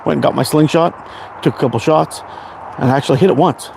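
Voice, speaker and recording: A man's voice: fairly high pitch, a little fast, vocal fry, a little mellow, slight background noise. Chatty Canadian man in his forties. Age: 40s. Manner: chatty, rambling, answers viewer comments. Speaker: livestream host. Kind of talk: casual livestream chat.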